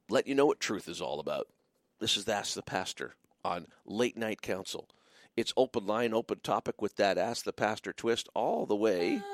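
Fervent, animated male radio pastor. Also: mid-range voice, no echo, studio quality. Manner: fervent, emphatic, with restarts. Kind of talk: call-in radio talk and preaching.

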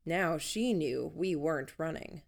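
A woman reading a first-person story aloud in an even, measured storytelling manner. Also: deep voice, gravelly. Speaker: audiobook narrator. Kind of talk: first-person audiobook narration.

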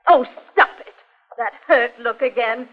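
An actress playing a headstrong, spoiled young heiress who speaks scornfully and defiantly in 1940s radio acting. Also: female voice, a little high, unhurried, slight background noise, close to an everyday voice. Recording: muffled 1940s radio broadcast.

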